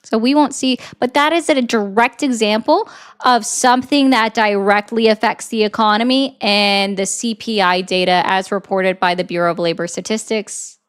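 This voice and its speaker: A woman political commentator arguing and lecturing, talking fast in bursts. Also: mid-range voice, smooth. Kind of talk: argumentative commentary.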